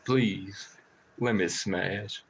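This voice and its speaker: A man voicing a pestering male crow that begs in a slow, low, pleading drawl. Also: fairly even intonation, a bit bright, a little hiss or hum, full character voice.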